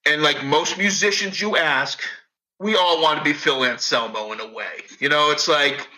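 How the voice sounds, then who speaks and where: A man's voice: fairly high pitch, moderate pace, bright, forceful tone, rough recording. A middle-aged man with a thick Northeastern US accent, a podcast guest rambling and swearing, full of "like" and "you know". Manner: rambling, profane, heavy on fillers. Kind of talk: casual chat.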